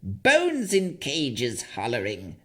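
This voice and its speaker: A woman's voice: extremely low pitch, wildly swooping pitch, slow, bright, forceful tone, heavily acted. A male narrator voicing a mad, filthy female hag who pleads and shrieks in erratic, rambling bursts. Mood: ranting. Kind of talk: audiobook character voice.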